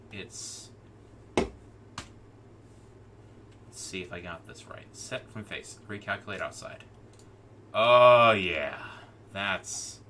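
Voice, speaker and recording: Deep-voiced man muttering while working. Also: bright, forceful tone, far from the mic, slight background noise. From United States. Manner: rambling, stammering restarts, muttering to himself. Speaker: live streamer. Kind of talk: casual commentary while working.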